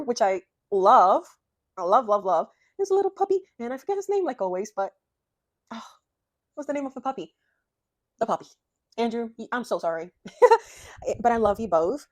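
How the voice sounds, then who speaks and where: A young adult woman chatting excitedly about cross stitch in a casual vlog from her home craft room, rambling and gushing with lots of fillers. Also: mid-range voice, no room sound.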